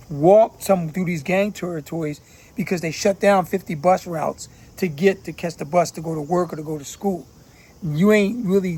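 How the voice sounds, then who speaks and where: A man's voice: sits high, a little mellow, slightly rough. A man from Philadelphia giving casual commentary, talking bluntly in profane street slang. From Philadelphia, USA. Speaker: channel host giving commentary.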